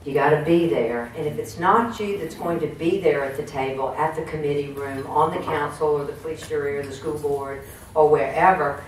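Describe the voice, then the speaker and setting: Low-voiced woman talking to a crowd of women, folksy, mic kinda far off in a big echoey room. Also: steady tone, normal speed. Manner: folksy, asks the audience questions. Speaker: speaker at a women's business network. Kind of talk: motivational talk to an audience. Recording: echoey room, distant mic, faint noise.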